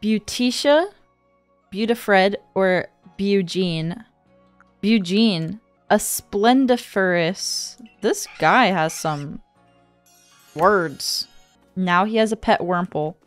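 Slow-talking woman reacting to a game. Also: mid-range voice, no room sound, faint music behind. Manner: talks to herself, gasps and exclaims at the game. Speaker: gaming streamer. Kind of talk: gameplay commentary. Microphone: dynamic studio microphone.

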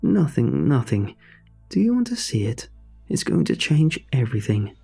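A man's voice: mid-range voice, sing-song, moderate pace, vocal fry, mellow, slightly rough, heavily acted. A man voicing a cheerful, slightly manic aunt who is an inventor changed by a meteor, chatty and rambling, with faint music behind. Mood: eager.

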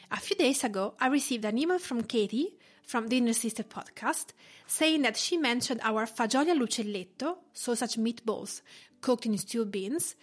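A woman from Tuscany with an Italian accent, hosting a cooking podcast in careful, explanatory narration. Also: fairly high pitch. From Tuscany, Italy. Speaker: podcast host and home cook.

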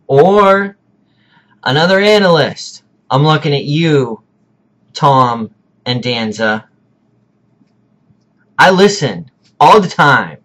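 A man hosting a casual vlog, delivering a mock-serious rant with deadpan, exaggerated indignation and drawn-out pronunciations. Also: on the high side. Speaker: video host.

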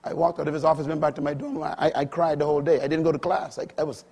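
A middle-aged male preacher with a husky, somewhat high voice delivers a sermon. He swings between loud, emphatic proclamations and quiet asides. His voice stays husky throughout. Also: steady tone, quick pace, hardly any pauses.

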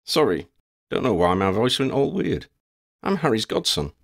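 A man voicing a nervous young schoolboy whose voice squeaks and who talks in a flustered, apologetic way. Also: sing-song, normal speed, vocal fry, heavily acted.

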